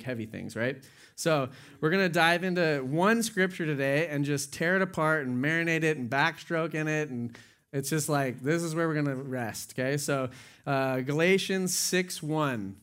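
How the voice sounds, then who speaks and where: A man's voice: fairly high pitch, fairly bright tone, smooth. A young man, a pastor, telling a funny personal story in a loose, chatty way before moving into a sermon. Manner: casual, storytelling with laughs and quoted dialogue.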